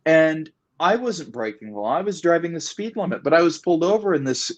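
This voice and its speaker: A man with a fairly high-pitched voice talks his way through a political discussion. He hammers points home by repeating them and lets his stories grow animated as he goes. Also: fairly quick. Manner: emphatic, repetitive, animated storytelling. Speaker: guest. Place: Puget Sound area.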